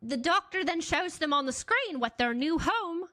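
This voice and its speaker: High, animated woman recapping an episode. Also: moderate pace, dry recording. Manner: animated storytelling, laughs often. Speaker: podcast host.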